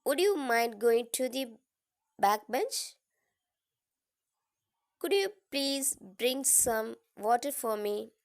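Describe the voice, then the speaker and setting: A woman teacher, reading a grammar lesson aloud slowly and deliberately. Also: on the high side, expressive. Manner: slow, deliberate, careful reading. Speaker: English teacher.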